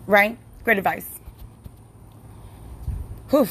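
A woman's voice: medium pitch, moderate pace, fairly bright tone. A woman hosting a casual solo podcast, rambling with frequent laughs, restarts and fillers. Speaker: podcast host.

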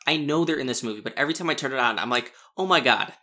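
A man's voice: mid-range voice, pushed and bright. A man co-hosting a casual movie podcast, chatty and eager to share trivia. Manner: chatty, fact-sharing, quick asides. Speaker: podcast co-host.

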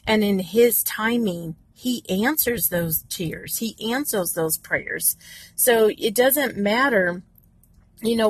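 A woman's voice: mid-range voice, slightly rough, dry recording. A woman giving an earnest, encouraging devotional talk from inside her parked car, with many fillers. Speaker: devotional speaker.

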